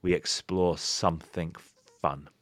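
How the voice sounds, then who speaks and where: Brief: low-voiced pastor, animated storyteller, dry close sound. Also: male voice, takes it slowly, no echo. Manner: animated storyteller, voices quoted people with pitch jumps. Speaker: pastor and author, podcast guest. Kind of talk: casual podcast interview.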